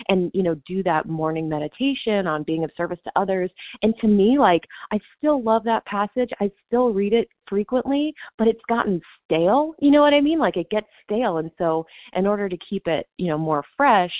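A woman's voice: fairly low pitch, no room sound. A woman sharing at a support meeting, casual and full of fillers like "you know". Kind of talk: personal recovery share. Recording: tinny phone-like call audio.

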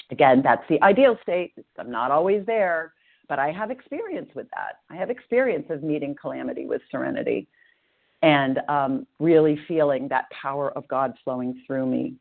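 An earnest, measured voice of middle age, speaking at a recovery meeting over a tinny, narrow phone line. The pitch sits at a middle height. Passages from a book are read aloud between thoughtful personal reflections. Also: animated, vocal fry.

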